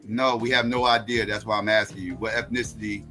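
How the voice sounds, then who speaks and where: A man's voice: fairly low pitch, level tone, brisk, sharp tone, soft background music. A man hosting a heated livestream panel, blunt and mocking, laughing often. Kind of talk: heated livestream call-in debate.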